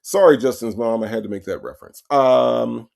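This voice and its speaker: Gravelly man greeting his livestream chat. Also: medium pitch, normal speed, a little mellow. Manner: greets chat viewers by name, repeats hellos. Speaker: livestream host. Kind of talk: casual livestream shout-outs.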